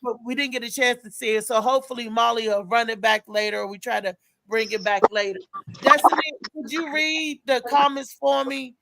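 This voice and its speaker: A middle-aged woman hosting a live talk show in an animated, laughing way. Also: on the high side, fairly quick, vocal fry, dry recording. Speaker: show host. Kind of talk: casual live show chat.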